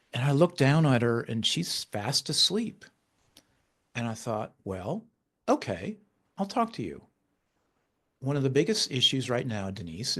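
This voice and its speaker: A man in a podcast conversation recounts a personal story in an ordinary mid-range voice. He talks in halting bursts, restarting his sentences often, and livens up sharply whenever he quotes his own words. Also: medium pitch. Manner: animated when quoting himself. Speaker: author and guest.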